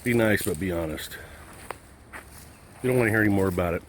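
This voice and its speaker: A man's voice: sits low, fairly quick, a little hiss or hum. A man vlogging outdoors, ranting angrily and profanely in a rambling, casual way. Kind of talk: casual rant to camera.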